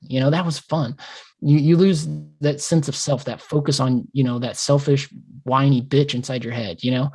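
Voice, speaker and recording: A man's voice: medium pitch, fairly even intonation, normal speed, darkish tone, husky. A man co-hosting a casual podcast, ranting passionately and swearing freely, often acting out his own thoughts in quoted asides. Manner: passionate rambling rant with swearing. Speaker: podcast co-host.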